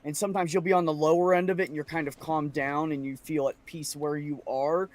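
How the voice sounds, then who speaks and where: Guy venting on a podcast, swears a lot, kinda high voice, does little impressions of people. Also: a little fast. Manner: venting, profane, animated storytelling; mimics other people's voices in quotes. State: frustrated. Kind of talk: casual podcast chat.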